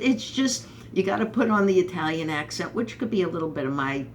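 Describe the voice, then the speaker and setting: A woman's voice: low voice, normal speed, few pauses, slight background noise. A woman from Brooklyn, hosting a rambling, sarcastic political commentary monologue. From Brooklyn, New York. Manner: rambling, sarcastic, animated asides. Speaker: host.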